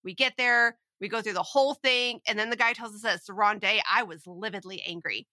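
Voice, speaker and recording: A woman's voice: medium pitch, fairly quick, sharp tone, no echo. A woman in her forties co-hosting a parenting podcast, telling stories in a chatty, self-mocking way. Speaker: podcast co-host. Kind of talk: casual parenting chat.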